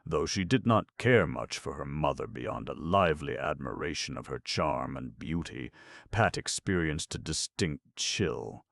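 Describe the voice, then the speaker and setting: A man narrating an audiobook in a measured, expressive reading. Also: extremely low pitch, gravelly, no room sound, clean studio sound. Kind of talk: scripted narration.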